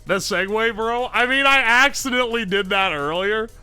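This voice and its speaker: A man's voice: sits high, moderate pace, clean tone, faint music behind. A man with an Appalachian accent chatting on a live stream, joking around and answering his chat's messages aloud. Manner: joking, animated, reads chat messages aloud and answers them. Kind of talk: casual live-stream chat.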